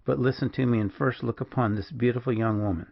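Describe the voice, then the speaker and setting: A man reading the part of a gallant, rough soldier who speaks gently but firmly. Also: mid-range voice, steady tone, fast talker, lo-fi sound. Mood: earnest.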